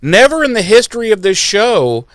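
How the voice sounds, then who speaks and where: A man with a high-sitting voice co-hosts a podcast, recapping an episode at a moderate pace in jokey, profane, animated chat and putting on silly voices. The sound is clean studio quality with no echo.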